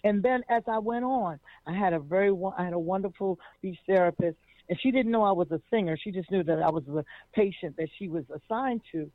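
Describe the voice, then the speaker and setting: A woman's voice: lowish voice, a little fast, no room sound. A woman, a jazz singer, telling personal stories expressively as an interview guest, often repeating words as she starts a thought. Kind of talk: animated personal storytelling. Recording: tinny phone-like line, dry.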